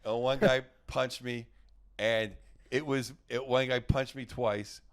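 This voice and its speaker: A man's voice: medium pitch, fairly even intonation, slow. A middle-aged man, a guest comedian, telling rambling stories in casual chat and acting out what people said. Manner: rambling, restarts and acts out quotes. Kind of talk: casual storytelling.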